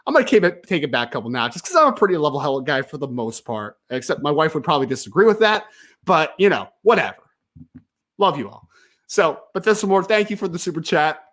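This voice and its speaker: A man hosting a live sports talk stream, ranting with frustration and emphasis, apologizing and calming down, then reading viewer questions. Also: on the high side, fast. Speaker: sports podcast host.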